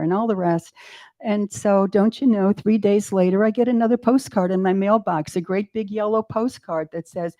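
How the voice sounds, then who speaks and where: Warm-voiced woman in her eighties. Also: medium pitch, normal speed. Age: 80s. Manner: animated storytelling, acting out her own inner voices with laughs. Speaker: interview guest. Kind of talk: storytelling in a live interview.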